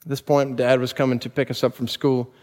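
A pastor telling personal stories in a sermon, building to emphatic preaching before a congregation. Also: male voice, medium pitch, level tone, brisk, darkish tone. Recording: long reverb of a large hall.

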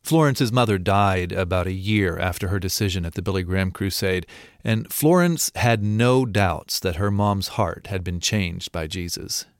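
A man giving scripted radio narration in a steady, matter-of-fact way. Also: low-pitched, moderate pace, no room sound, clean studio sound. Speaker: program narrator.

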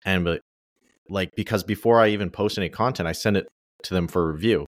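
Deep-voiced young man explaining casually. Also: a little fast, dry recording, clean studio sound. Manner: relaxed, explanatory, speaks in loose casual phrasing. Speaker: ghostwriter guest. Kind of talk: casual podcast interview.

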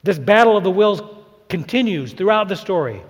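A man preaching a sermon as pastor, animated and dramatic, acting out crowd shouts. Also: high-pitched, normal speed, breathy edge. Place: church sanctuary. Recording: long church reverb.

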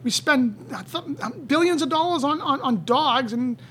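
A man in casual conversation, telling stories in an animated way. He often repeats words and gets louder as he goes. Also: very high voice, a little slow, a little hiss or hum.

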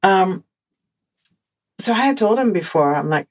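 Dutch-accented woman with a gravelly, husky voice. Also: fairly low pitch, measured pace, pauses often, rough recording. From Netherlands. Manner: animated, repeats words for emphasis, laughs often. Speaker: podcast host. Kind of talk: personal storytelling monologue.

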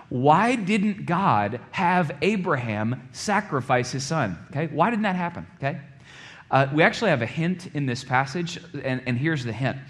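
A man preaching a sermon in a conversational way, often checking in with the congregation and dropping low and quiet for dramatic moments.

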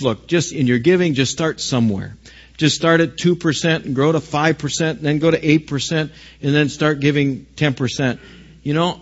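A man preaching a sermon as pastor, rising to loud emphasis on key phrases and asking the congregation questions. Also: fairly high pitch, dull audio.

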